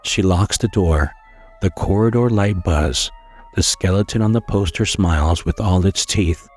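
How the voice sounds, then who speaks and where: A man narrating a scary story in a slow, hushed storytelling manner, with occasional stumbles. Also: deep voice, breathy edge, soft background music.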